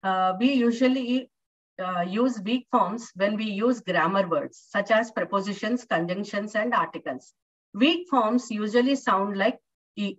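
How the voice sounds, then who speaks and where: A woman's voice: fairly high pitch, a little slow, fairly bright tone. A woman lecturer with an Indian English accent explains patiently, repeating points and asking students questions. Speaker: university lecturer. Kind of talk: classroom lecture. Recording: distant, dull lo-fi classroom recording.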